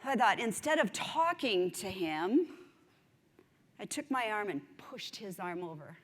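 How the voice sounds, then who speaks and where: A woman giving a conference speech, telling a story in an animated, self-mocking way. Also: medium pitch, a little slow. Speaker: conference speaker. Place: large conference hall. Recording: long hall reverb.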